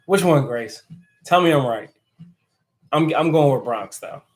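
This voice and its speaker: A man's voice: on the high side, lively intonation, unhurried, low-quality recording. A man hosting a casual live stream who answers viewer comments and laughs often. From United States. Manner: chatty and joking, laughs often.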